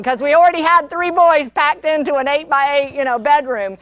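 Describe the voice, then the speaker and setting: A woman's voice: high voice, normal speed, few pauses, fairly bright tone, dry recording. An older woman, hosting a casual cooking demonstration and chatting in a rambling, storytelling way. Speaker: cooking show host. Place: kitchen studio.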